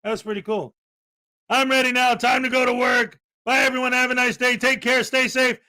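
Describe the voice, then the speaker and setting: A man hosting a casual livestream chat, talking in a loud, playful, jokey way and often shouting. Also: extremely high pitch, level tone, brisk. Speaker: show host.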